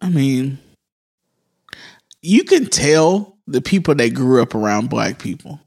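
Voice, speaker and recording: A man of middling pitch chats casually as a podcast co-host. He rambles in an easygoing way, trailing into filler words. He laughs often as he talks. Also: sing-song, takes it slowly, creaky, darkish tone, slightly rough.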